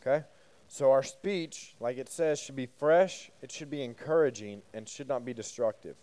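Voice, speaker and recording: At normal speed and medium pitch, a man with a mellow voice delivers a casual sermon as a youth pastor. He keeps it conversational, quizzing the group and adding joking asides.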